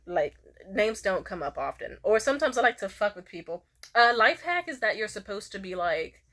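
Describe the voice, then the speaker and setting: A young woman in casual storytime chat, animated and swearing freely, jumping into squeaky high voices when she quotes people. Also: normal speed. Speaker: vlogger.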